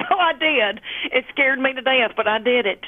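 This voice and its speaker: A woman's voice: high-pitched, moderate pace. A woman comedian chatting on the phone from home, fondly calling the host honey and darling. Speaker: comedian guest. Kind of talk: casual phone interview. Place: at home, lounging. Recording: tinny phone line.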